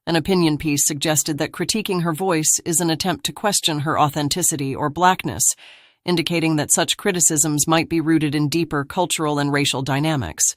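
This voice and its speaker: A woman reading scripted narration for a commentary video in a measured, even manner. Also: deep voice, no echo, studio quality.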